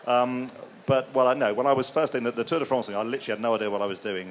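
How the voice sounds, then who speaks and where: A man on a live panel, telling jokey stories in a quick, chatty way. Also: mid-range voice, fairly even intonation, slight background noise. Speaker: panelist, long-distance cyclist. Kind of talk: casual panel chat.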